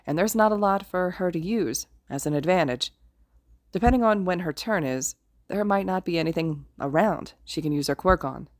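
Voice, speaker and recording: Low-voiced woman reading fiction aloud. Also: normal speed, dry recording, clean studio sound. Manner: steady, even storytelling. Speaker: podfic reader. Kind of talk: audiobook-style fiction narration.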